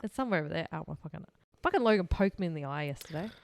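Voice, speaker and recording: A woman's voice: deep voice, expressive, rapid-fire, creaky, no echo. A young woman co-hosting a true-crime podcast, chatty, laughing often and swearing casually. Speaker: podcast co-host.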